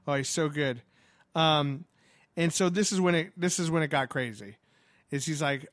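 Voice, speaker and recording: Excitable man telling a story, dry sound. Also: on the high side, dry recording. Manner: animated, fast with many fillers and restarts.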